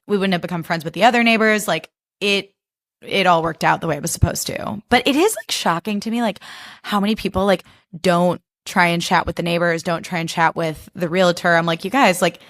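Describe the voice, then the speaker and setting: A woman's voice: fairly low pitch, fairly bright tone. Young adult woman, podcast host. Chatty, sarcastic and filler-heavy, with frequent swearing, in casual talk. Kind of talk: casual chat.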